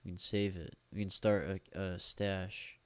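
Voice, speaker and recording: Guy ranting alone into a usb mic, low flat voice, swears a lot, dry sound. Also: unhurried, dry recording. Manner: rambling, profane, grumbling. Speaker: podcast host. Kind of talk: solo podcast rant. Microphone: USB microphone.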